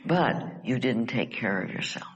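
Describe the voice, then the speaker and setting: A man leading a live workshop, coaching a participant with calm, direct, probing questions. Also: mid-range voice, a little slow, poor audio. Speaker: workshop facilitator.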